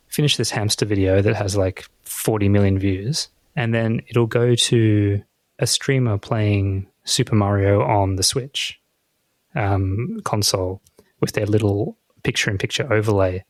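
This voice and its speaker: A man's voice: lowish voice, a little slow, no echo. A middle-aged man co-hosting a podcast in casual chat, telling anecdotes bluntly and swearing freely. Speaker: podcast co-host.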